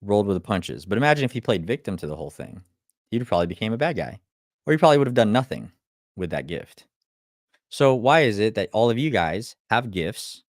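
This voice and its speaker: A man's voice: on the low side, expressive, fast, no echo, clean studio sound. A man giving a live motivational talk, blunt and full of swearing, firing off rhetorical questions and stumbling over restarts when he gets fired up. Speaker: motivational speaker.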